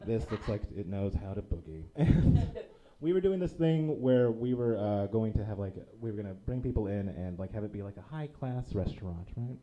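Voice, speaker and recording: A young man performing a stand-up comedy set, telling self-mocking stories in an animated way on a small theater stage. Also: on the low side, moderate pace, dull audio.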